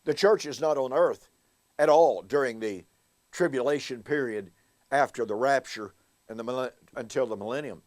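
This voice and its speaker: A man giving a recorded Bible teaching talk, telling stories earnestly and addressing his listeners as folks, slowing down to stress key words. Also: medium pitch, darkish tone, no room sound. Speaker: Bible teacher and show host.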